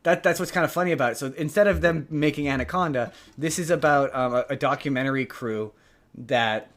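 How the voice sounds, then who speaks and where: A man's voice: medium pitch, fairly bright tone. A man co-hosting a podcast, talking casually in a rambling way with many restarts. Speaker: podcast co-host. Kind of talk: casual chat.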